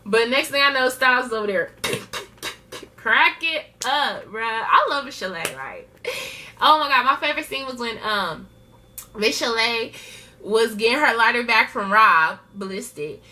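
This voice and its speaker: A woman's voice: a little high, expressive, unhurried, bright, forceful tone, slight background noise. A woman giving a chatty, gossipy recap of a reality TV episode, laughing often. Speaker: TV show reviewer. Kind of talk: casual show recap.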